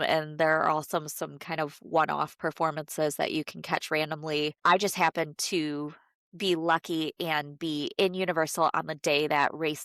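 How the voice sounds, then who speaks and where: A woman with a low, nasal voice, still stuffy from a cold. She chats casually as a podcast co-host, leaning on fillers. The sound is dry and close, with no room around it. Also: fairly bright tone, dry recording. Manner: chatty, many fillers, laughs often. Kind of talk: casual chat.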